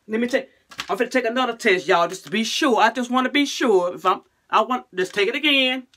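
A woman talks to her camera in a casual vlog, her voice sharp and bright at a middling pitch. She speaks in short, choppy phrases that often restart. Most lines end with a soft, sunken "guys" or "y'all". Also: expressive, a little fast. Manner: repetitive, ends most phrases with a low, quiet "guys" or "y'all". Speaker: vlogger.

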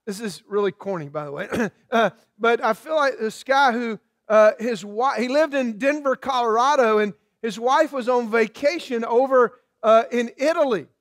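High-voiced Georgia preacher. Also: male voice, dry recording, clean studio sound. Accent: Southern US, Georgia. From Southern US, Georgia. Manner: folksy, halting, many fillers. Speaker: guest preacher. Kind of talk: sermon.

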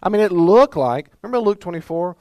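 A man's voice: high voice, animated, fast, a little mellow, no echo. A man from Mississippi with a Southern accent, preaching a sermon as pastor, emphatic and full of rhetorical questions.

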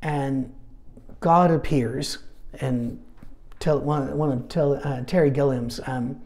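A man's voice: medium pitch, steady tone, slow, a little mellow. A man teaching a midweek Bible study in a chatty, anecdotal way, with humorous asides.

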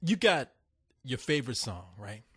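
A man's voice: mid-range voice, sing-song, moderate pace, fairly bright tone, breathy edge, no room sound, clean studio sound. A man hosting a podcast, telling rambling comic stories full of restarts and profanity. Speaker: podcast host. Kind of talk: casual comedic chat.

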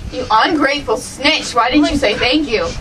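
A pompous, self-important man, played by a girl in a school video scolds in an exaggerated way. The voice stays high for the part. A clear hiss runs through the home recording. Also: moderate pace, close to an everyday voice. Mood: scolding. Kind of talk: amateur school video acting.

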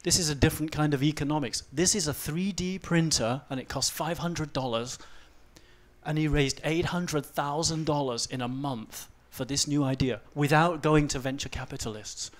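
Man in his forties, slightly high voice, humorous stage talk, animated delivery, quiet asides and loud outbursts. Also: normal speed. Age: 40s. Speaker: speaker giving a short stage talk. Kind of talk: fast-paced humorous presentation. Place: event stage before a live audience.

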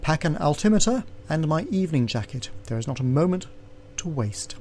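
A man doing a calm commanding English gentleman. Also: a little high, brisk, slight background noise.

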